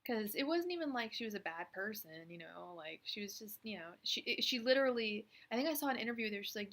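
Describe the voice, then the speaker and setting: A woman's voice: medium pitch, lively intonation, quick pace, few pauses, a bit bright. A woman in her thirties, a tarot reader chatting casually on a live stream, rambling with lots of fillers.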